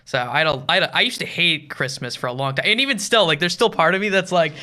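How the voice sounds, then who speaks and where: A man hosting an interview, speaking in relaxed, agreeable casual chat with a few small stammers. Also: fairly high pitch, fast. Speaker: interview host.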